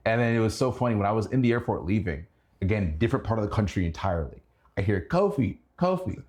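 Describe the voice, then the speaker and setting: A young man telling stories in a casual chat, animated and laughing, his voice jumping up when excited. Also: very fast. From Indianapolis. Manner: animated, laughing storyteller who rises high in pitch when excited. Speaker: guest. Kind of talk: casual storytelling.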